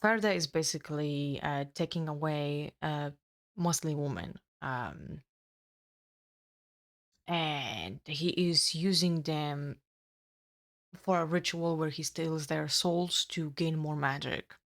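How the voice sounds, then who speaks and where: Female co-host, low voice, halting plot recap. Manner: halting, many ums and restarts. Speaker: book reviewer co-host. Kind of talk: casual chat, retelling a plot.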